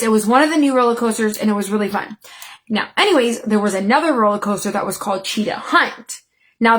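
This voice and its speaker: A woman in her thirties telling a personal story to her viewers in a casual, chatty way, acting out her own excited and scared exclamations. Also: a little high. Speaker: vlogger.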